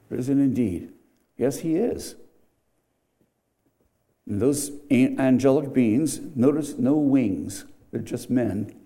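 A man's voice: medium pitch, dark tone. A middle-aged man preaching a sermon in a conversational way, with asides and restarts. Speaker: pastor.

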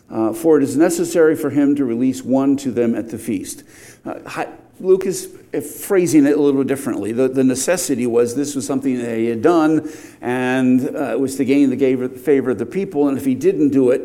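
A man's voice: medium pitch, warm tone. A middle-aged man preaching a verse-by-verse sermon, explaining the text and rising to emphatic outbursts on key points.

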